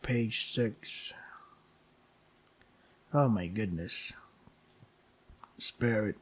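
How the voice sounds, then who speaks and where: A let's play gamer speaks very slowly as he reads a visual novel's text aloud, with dry, sarcastic mutterings and frequent sighs between lines. His asides drop soft and low, and there is slight background noise.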